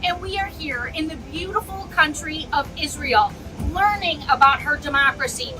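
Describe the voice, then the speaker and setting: A woman politician with a Midwestern accent gives a cheery, measured, scripted greeting to camera. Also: high-pitched. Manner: cheery, measured, list-like delivery. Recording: distant, off-mic sound.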